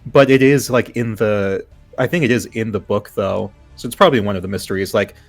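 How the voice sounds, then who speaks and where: A man chatting casually as a tabletop player, rambling and animated with many restarts. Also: lowish voice, a little fast, faint music behind. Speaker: tabletop player, content creator. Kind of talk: casual chat around a game.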